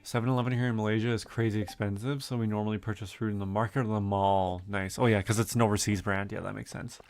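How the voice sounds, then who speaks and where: A man's voice: fairly low pitch, fairly even intonation, fast talker, faint music behind. A young man from Canada chatting casually with viewers while streaming a farming game, reading and answering chat with lots of fillers.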